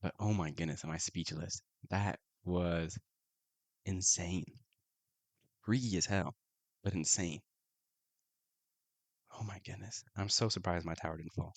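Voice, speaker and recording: A man playing a solo folk-horror tabletop game, reading the prompts aloud and reacting with excited exclamations. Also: sits low, unhurried, long pauses, no room sound. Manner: excitable, keeps saying oh my goodness. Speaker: solo tabletop RPG player.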